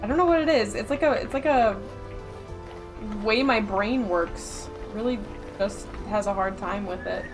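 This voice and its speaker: A woman streamer with a Yooper accent from Upper Michigan talks into a close mic, her words rounded and her consonants soft. She rambles and laughs her way through casual chat, her pitch sitting in a middle range. Faint game music plays underneath. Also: normal speed. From Upper Michigan, USA. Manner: chatty and rambling, laughs often. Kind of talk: casual chat while gaming. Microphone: close desk mic.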